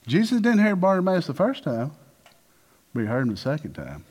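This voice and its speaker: A man's voice: on the high side, wildly swooping pitch, a little fast, darkish tone. A man preaching a sermon, calling out to the congregation and acting out voices of Bible figures. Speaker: pastor.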